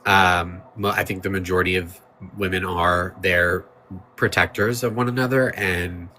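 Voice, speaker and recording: A man's voice: low-pitched, fairly even intonation, moderate pace, sharp tone, slight background noise. A man hosting a livestream, talking in a loose, rambling way over a playing clip and thanking viewers. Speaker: livestream host. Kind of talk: casual livestream commentary.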